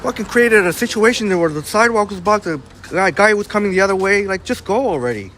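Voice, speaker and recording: A man's voice: high-pitched, lively intonation, fast, fairly bright tone. A blunt, self-described hothead man chatting with viewers while live-streaming a walk on a city sidewalk. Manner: chatty, reads out and answers chat. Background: faint street traffic.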